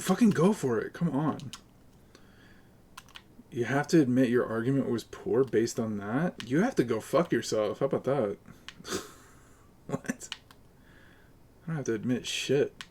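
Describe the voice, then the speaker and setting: A man's voice: medium pitch, a little slow, long pauses, darkish tone, a little hiss or hum. A man streaming a game live, arguing with his chat and cursing at his teammates. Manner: profane, combative ranting at chat. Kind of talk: live gaming stream commentary.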